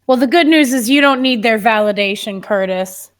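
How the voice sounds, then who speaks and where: A woman's voice: fairly high pitch, moderate pace. A woman playing a character in a tabletop game, chatty and playful in tone. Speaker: player. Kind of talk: in-character tabletop role-play.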